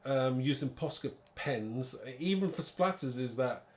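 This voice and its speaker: A man's voice: mid-range voice, lively intonation, measured pace. A man hosting a live card-making demo, chatty and rambling, thinking aloud and laughing at his own muddles.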